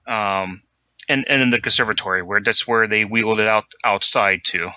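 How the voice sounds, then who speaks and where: A man's voice: on the low side, steady tone, moderate pace, sharp tone. A man running a tabletop game as game master, in a hesitant way, with frequent ums and restarts. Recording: slightly dull lo-fi mic.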